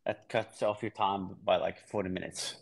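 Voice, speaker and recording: Relaxed man from Norway, low voice. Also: normal speed, gravelly. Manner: relaxed, explains plainly with frequent restarts. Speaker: guest triathlete. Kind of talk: casual podcast interview.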